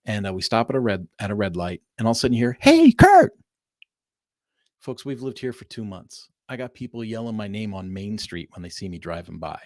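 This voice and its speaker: A middle-aged man from Southern California hosting a casual livestream, telling stories with lively enthusiasm and calling his viewers "folks.". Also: on the low side, quick pace, hardly any pauses, no echo, clean studio sound. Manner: animated storyteller addressing viewers as "folks". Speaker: livestream host.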